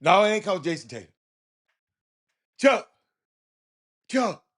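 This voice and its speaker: A man with a high voice and a slightly slow delivery hosts a casual sports talk stream in his Houston, Texas accent. He's animated, laughs frequently, and addresses his chat straight on.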